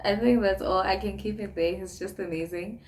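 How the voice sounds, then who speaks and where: A woman's voice: medium pitch, steady tone, normal speed, slight background noise. A young woman with a South African accent chatting casually to camera in a sit-down vlog, laughing often between phrases. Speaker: vlogger.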